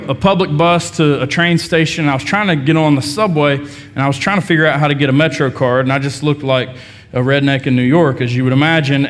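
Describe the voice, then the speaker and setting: A man preaching a sermon, telling a self-deprecating story before turning to scripture. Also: fairly high pitch. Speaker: pastor. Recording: long reverb of a large hall.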